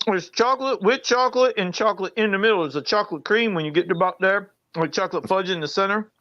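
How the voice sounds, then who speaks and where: A man's voice: sits high, fast, sharp tone, dry recording, lo-fi sound. A man co-hosting a casual watch-party podcast, crude and laid-back, talking while he eats. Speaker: podcast co-host.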